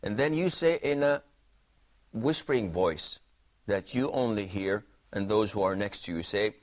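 A man's voice: lowish voice, moderate pace. A man teaching a religious jurisprudence class, explaining points and quizzing students by name. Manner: questioning, explanatory, repeats himself. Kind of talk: classroom lesson with questions to students.

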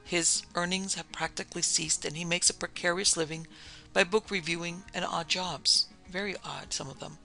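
A woman's voice: on the low side, steady tone, moderate pace, gravelly, sharp tone, faint music behind. A man voicing an earnest, anxious Swedish lady in a classic ghost story reading, who speaks hesitantly and searches for her words. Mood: earnest, worried.

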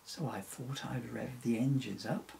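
A man's voice: medium pitch, fairly even intonation, a little slow, creaky, a little mellow, a little hiss or hum. A man voicing a polite, clumsy young male reindeer in a children's story-poem, apologetic and sheepish.

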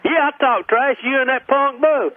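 A man's voice: extremely high pitch, moderate pace. Man taunting over a tinny phone line. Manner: taunting, mocking, loud trash talk. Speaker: prank call target. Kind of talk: heated phone argument.

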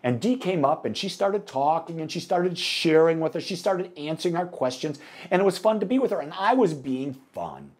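A middle-aged American minister preaching a sermon, telling a story with animated delivery and acting out the dialogue. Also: male voice, a little high, normal speed. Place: church sanctuary.

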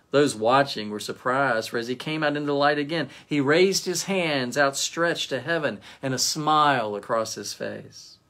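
A male pastor reading a story aloud as a devotion, in a gentle storytelling manner. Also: medium pitch.

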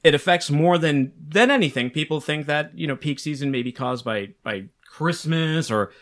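A man's voice: a little high, normal speed, a bit bright. A man co-hosting a podcast in casual chat, explaining facts in a chatty, teasing way. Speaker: podcast co-host.

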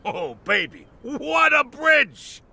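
An actor playing a pushy, fast-talking male creature salesman in a video game. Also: big pitch swings, vocal fry, sharp tone, full character voice. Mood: smarmy pitch. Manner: pushy sales-pitch patter.

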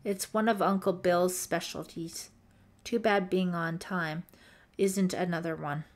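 A woman's voice: fairly low pitch, steady tone, a little slow, close to an everyday voice. Lady narrator doing a jokey teen guy counselor, easygoing, teasing. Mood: friendly. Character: joking, friendly teen boy counselor.

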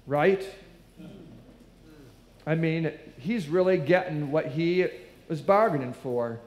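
A man's voice: on the high side, slow, long pauses, darkish tone. Man preaching in an echoey church. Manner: storytelling, acts out quoted voices. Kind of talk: sermon with children's story.

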